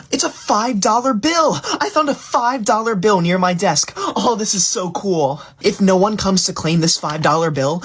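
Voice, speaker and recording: A woman's voice: medium pitch, breathy edge, close to an everyday voice. A woman playing a self-righteous, tattling know-it-all schoolgirl in a comedy skit. She talks in a whiny, overdramatic way.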